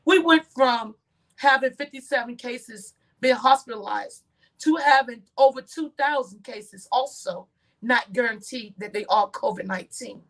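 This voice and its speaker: A woman host with a somewhat high voice. She talks in an earnest, prayerful way, repeating her appeals. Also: poor audio.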